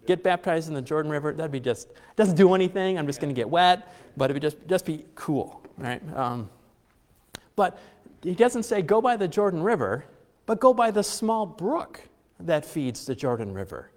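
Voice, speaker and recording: Middle-aged man, pastor, lively chatty sermon, joking asides, long hall reverb. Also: a little high, normal speed. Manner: chatty, joking asides, many fillers and restarts. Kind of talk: conversational sermon.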